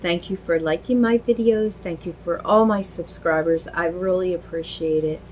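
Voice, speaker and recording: A woman's voice: on the low side, fairly even intonation, moderate pace, a little mellow, slight background noise, poor audio. A middle-aged woman chatting casually on her home video, rambling with many fillers and restarts. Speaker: vlogger. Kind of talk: casual chat while dressing a doll.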